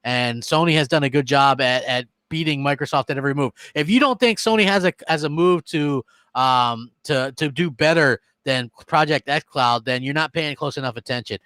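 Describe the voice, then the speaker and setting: A man's voice: mid-range voice, normal speed, few pauses, a bit bright, clean tone, dry recording. A man co-hosting a casual gaming podcast, opinionated and emphatic, often repeating himself. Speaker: podcast co-host.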